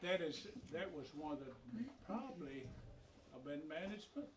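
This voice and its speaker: Older man, class member; folksy storyteller with a slightly higher voice. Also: expressive, normal speed, slight background noise, poor audio. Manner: folksy storytelling, plain homespun phrasing. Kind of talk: casual class discussion.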